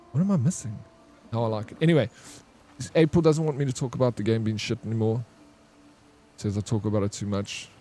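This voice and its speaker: A man's voice: mid-range voice, mellow. A man giving casual, chatty gaming commentary, swearing freely and answering his chat. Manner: chatty, swears casually, calls viewers bro; reacts to chat messages. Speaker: gaming streamer.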